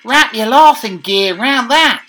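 A man putting on a loud, hammy Australian bloke who shouts out slang phrases in a high, exaggerated voice. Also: expressive, measured pace, soft background music, heavily acted. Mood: hammy, boisterous. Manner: shouted, hammy, high-pitched catchphrase delivery.

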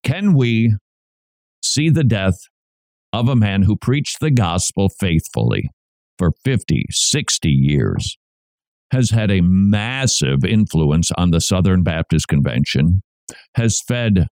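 A man's voice: sits low, sing-song, slow pace, darkish tone, no echo. A man hosting a Christian radio show, talking in an earnest, preacherly way with emphatic repetition into a studio mic. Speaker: radio host. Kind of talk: radio commentary.

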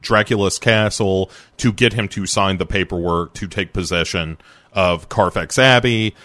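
A man co-hosting a casual movie review podcast, telling stories with wry, animated asides. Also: low-pitched, normal speed, dry recording. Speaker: podcast co-host.

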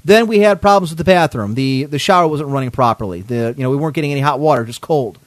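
A man's voice: on the high side, quick pace, no room sound. A man hosting a podcast, telling a story in a casual, indignant way, swearing often. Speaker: podcast host.

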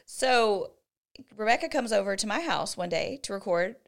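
A woman's voice: mid-range voice, animated, normal speed. Woman, thirties, podcast co-host, casual chat, giggly storyteller. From Texas.

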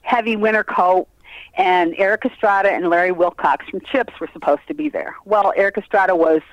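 A woman's voice: mid-range voice, a little fast, no room sound, muffled recording. An older woman telling funny stories in a casual interview, laughing often as she talks. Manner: lively, laughing storyteller. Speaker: guest, host's mother.

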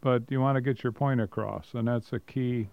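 Gravelly man on a dull, dry recording. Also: medium pitch, steady tone, normal speed, faint music behind. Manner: reads points aloud, then comments wryly. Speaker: co-host. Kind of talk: casual radio talk.

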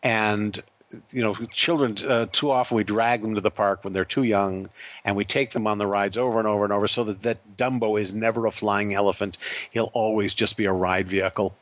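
A man's voice: fairly low pitch, brisk, dry recording. A man tells a story as an interview guest and acts out the voices in it with lots of energy. The sound is close and dry, with a slightly dull, muffled top end. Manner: animated, acts out quoted voices. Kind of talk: storytelling anecdote.

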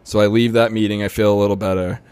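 A man's voice: on the low side, flat delivery, fast, a little mellow, smooth, dry recording. A young adult man, telling his recovery story in casual talk, full of "you know" and "right?". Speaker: podcast guest.

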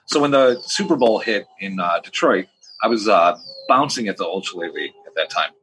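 A man who is a podcast guest, telling stories in a blunt, plain-spoken, animated way. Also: on the low side, brisk, a little hiss or hum, poor audio. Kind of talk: casual podcast storytelling.

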